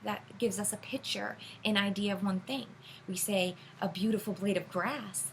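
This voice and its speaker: A woman tarot reader talks beginners through the basics in a relaxed, meandering way. She pauses on fillers and corrects herself as she goes. Her voice sits at a middle pitch, with a faint noise under the recording. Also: low-quality recording. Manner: rambling, filler-heavy, self-correcting. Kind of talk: casual teaching monologue.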